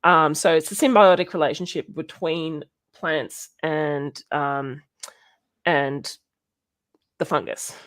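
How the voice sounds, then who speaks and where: A woman's voice: deep voice, steady tone, slow, a bit bright. A young woman with an Australian accent, chatting casually on a livestream about science and rambling with many fillers. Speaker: streamer.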